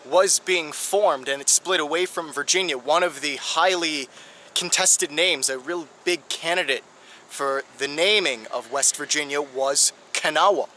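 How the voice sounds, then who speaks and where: Male travel vlogger, keen tour-guide delivery, higher pitch, crisp, a faint hum behind. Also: bright, forceful tone. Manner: enthusiastic, guide-like explaining. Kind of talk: travel vlog narration.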